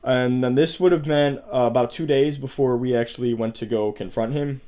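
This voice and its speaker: A man's voice: medium pitch, fairly even intonation, normal speed, warm tone. Disgusted man venting with heavy swearing. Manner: profane, disgusted, heated. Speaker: host. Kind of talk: angry commentary reading chat logs.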